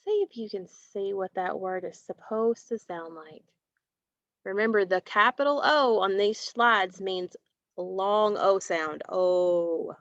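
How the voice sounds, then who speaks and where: A woman teaching a phonics lesson, slowly stretching out and repeating sounds and words, and praising her students. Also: medium pitch, fairly bright tone, no echo. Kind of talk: slow, clearly enunciated phonics lesson. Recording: dry, dull lo-fi recording.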